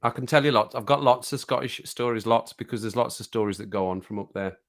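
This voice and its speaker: A man's voice: medium pitch, fairly even intonation, quick pace, fairly bright tone, no echo. A man hosting a livestream, chatting casually, reading the chat aloud and laughing often. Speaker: livestream host.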